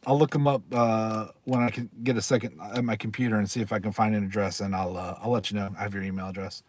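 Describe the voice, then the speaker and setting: A man's voice: fairly low pitch, steady tone, fast, a little hiss or hum. Chatty man hosting a casual livestream. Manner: chatty, rambling, laughs often, reads card backs aloud. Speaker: livestream host. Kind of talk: casual live-stream chat.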